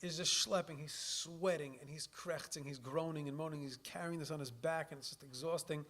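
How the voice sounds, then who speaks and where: A man giving a Torah class as a rabbi, telling stories in an animated, chatty way and sprinkling in Yiddish and Hebrew words. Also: fairly high pitch, brisk. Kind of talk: Torah lecture with storytelling.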